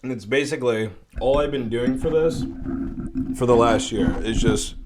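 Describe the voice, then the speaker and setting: A man's voice: medium pitch, moderate pace, heavy background noise. A young man hosting a solo podcast, ranting casually with heavy swearing and rambling, exasperated asides, talking into a desk microphone. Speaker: podcast host.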